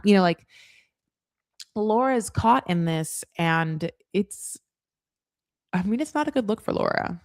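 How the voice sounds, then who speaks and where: A woman's voice: mid-range voice, lively intonation, a little mellow, no room sound, clean studio sound. A woman hosting a casual reality TV recap, talking in a rambling, chatty way full of fillers. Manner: acts out cast members in quick quoted voices.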